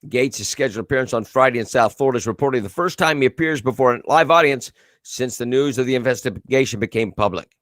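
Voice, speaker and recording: A man's voice: mid-range voice, fast talker, a bit bright, dry recording, clean studio sound. A man hosting a casual live commentary show, reading viewer comments and news aloud with a sarcastic edge. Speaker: host.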